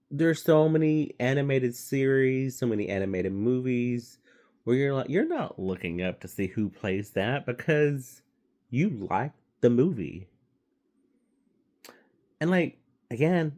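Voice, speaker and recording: A man's voice: mid-range voice, darkish tone. A man giving a casual, rambling movie review, swearing freely and stumbling through fillers and restarts.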